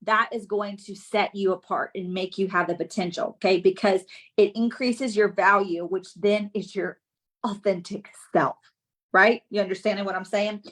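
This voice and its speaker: A woman giving a lively business coaching talk on a live stream, often checking in with her audience. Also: medium pitch, moderate pace. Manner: energetic, keeps checking in with the audience.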